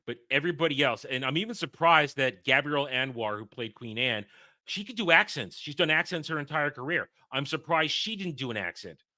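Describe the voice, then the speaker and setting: Guy hosting a movie review, bright sharp voice, opinionated and ranting a lot. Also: on the high side, fairly quick, dry recording, clean studio sound. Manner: opinionated, animated, emphatic rants. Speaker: podcast host reviewing a film. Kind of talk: casual film review chat.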